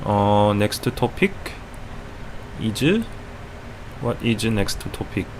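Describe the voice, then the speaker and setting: A man putting on a man with a strong Korean accent speaking broken English, halting and full of "uh"s during a casual live stream. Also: fairly low pitch, sing-song, noisy background, exaggerated voice. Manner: halting, simple words, lots of uh.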